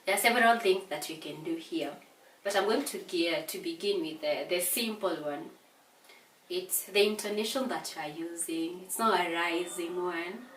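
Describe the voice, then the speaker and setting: A woman with a Kenyan English accent teaching an exam revision lesson, explaining slowly and deliberately, with hesitations and repeated words. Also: lowish voice, recorded from a distance, a little hiss or hum. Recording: echoey room, voice away from mic.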